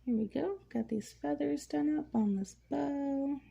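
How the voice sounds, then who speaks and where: A woman vlogger chatting at home in a relaxed, rambling way, full of fillers, while she paints. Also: high-pitched, measured pace, gravelly, lo-fi sound. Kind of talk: casual chat. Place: at home, indoors.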